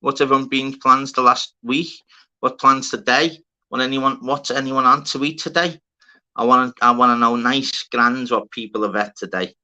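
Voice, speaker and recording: A man's voice: mid-range voice, fairly even intonation, moderate pace, pushed and bright, dull audio. A man hosting a livestream, bantering casually with viewers, swearing freely and greeting them by name. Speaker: livestream host. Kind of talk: casual live-chat banter.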